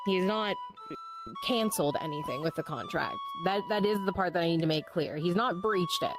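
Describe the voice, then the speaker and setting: A woman's voice: fairly low pitch, normal speed. A woman player in a casual role-play game chat, explaining insistently with stumbling restarts. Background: music.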